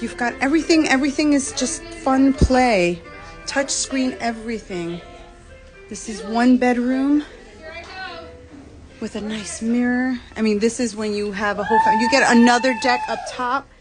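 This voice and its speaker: A woman giving an excited live room tour on a cruise ship, filmed on a handheld phone and out of breath at times. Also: fairly high pitch, normal speed, music in the background. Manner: excited, gasping and laughing. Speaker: cruise vlogger. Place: cruise ship cabin, indoors.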